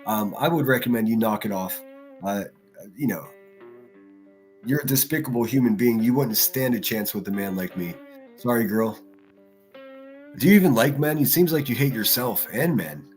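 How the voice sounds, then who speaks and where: A man hosting a livestream, ranting in a crude, mocking way and shifting in loudness as he talks. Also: mid-range voice, lively intonation, normal speed, long pauses, faint music behind. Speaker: livestream host. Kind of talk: profane livestream rant.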